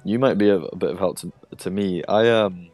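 A man playing a character in a tabletop game, speaking hesitantly with many pauses and restarts. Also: low-pitched, darkish tone, soft background music. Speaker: player. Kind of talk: in-character tabletop role-play.

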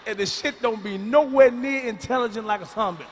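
A man doing a live stand-up routine with loud, emphatic storytelling that drops to hushed asides. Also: high-pitched, a little fast, a little hiss or hum. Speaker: stand-up comedian. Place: large live venue.

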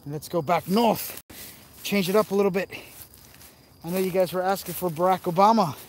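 A man films himself exploring outdoors on a handheld phone, joking and chatting straight to his viewers. His voice is fairly high, and faint crickets chirp in the background. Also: a little fast, a little hiss or hum. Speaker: vlogger. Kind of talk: casual vlog commentary while exploring. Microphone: handheld phone camera.

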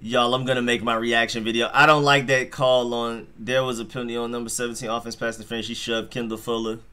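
Excitable man hosting a football stream. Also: mid-range voice, quick pace, clear, resonant tone. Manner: excitable, talks straight to chat, slangy. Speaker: live stream host. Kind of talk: live football reaction commentary.

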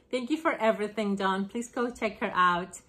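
A woman chatting excitedly on her home craft vlog, gushing over gifts she received. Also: medium pitch. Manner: gushing, excited, slow-paced. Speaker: craft vlogger. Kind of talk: casual vlog chat.

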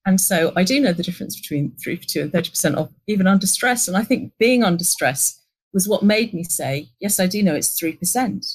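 A middle-aged woman, telling an animated work anecdote in an interview and acting out the lines of the people in it. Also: fairly low pitch, fairly quick, slightly rough, low-quality recording. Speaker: interview guest, agency executive. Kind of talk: conversational storytelling.

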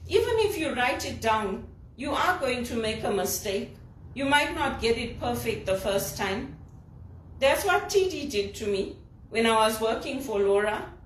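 Woman from Zimbabwe, executive assistant, venting emphatically; slightly high voice, picked up from across a room. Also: lively intonation, measured pace, a little hiss or hum. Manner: indignant, emphatic complaining. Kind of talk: personal vlog monologue. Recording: roomy, distant from the mic.

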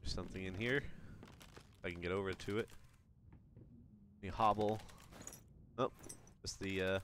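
A man's voice: low-pitched, steady tone, moderate pace, a bit bright, a little hiss or hum. A man commenting casually as he plays a horror game, muttering to himself and reading notes aloud. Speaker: gamer. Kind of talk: let's play commentary.

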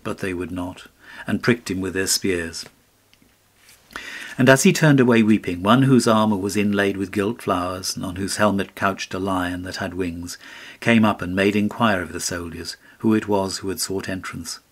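Low-voiced man narrating a fairy tale. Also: fairly even intonation, moderate pace. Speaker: audiobook narrator.

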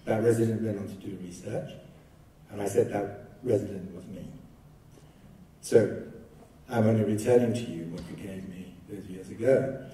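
In this academic keynote, a man recounts anecdotes in a relaxed, gently humorous way, speaking at a moderate pace with long pauses. His voice is lowish and dark, picked up from afar in a reverberant hall with slight background noise.

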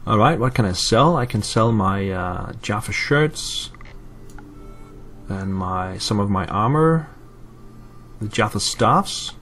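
A man's voice: lowish voice, animated, slow pace, long pauses, a bit bright, soft background music. A man from Europe casually commenting on his gameplay, thinking aloud with fillers and answering live chat. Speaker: let's play host.

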